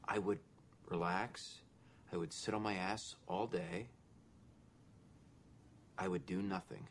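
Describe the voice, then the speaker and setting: Film clip: a mild office guy, lowish voice, dry and questioning. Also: fairly even intonation, slow pace, a little hiss or hum.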